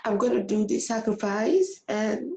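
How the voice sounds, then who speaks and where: A woman's voice: medium pitch, expressive, measured pace, mellow, poor audio. A woman living abroad tells a personal story to her followers in a casual, emotional vlog, repeating herself and getting tearful. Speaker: vlogger.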